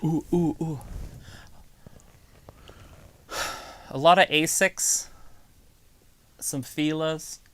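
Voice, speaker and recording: A man's voice: fairly high pitch, steady tone, slow, fairly bright tone. A man co-hosting a live wrestling stream, rambling in a laid-back, jokey way between bits of match commentary.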